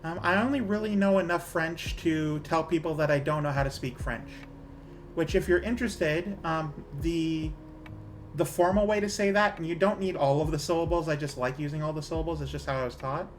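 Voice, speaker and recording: A man's voice: fairly high pitch, brisk, a little hiss or hum. A man streaming a game, chatting casually in a rambling way and laughing at his own jokes.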